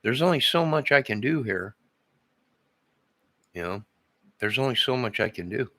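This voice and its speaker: A man's voice: medium pitch, expressive, normal speed, pushed and bright, no echo. An older man, a vlogger, in an agitated, repetitive, rambling monologue.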